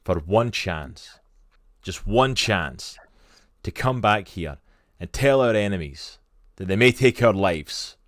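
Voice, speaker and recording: A Scottish rebel leader's rallying cry before battle, delivered loud and slow in a very deep, dry voice, as a man reads it out on a live stream. His Scottish accent rolls through each drawn-out line as he declaims to his countrymen. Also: animated, no room sound. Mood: rousing. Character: rousing medieval Scottish rebel leader speech.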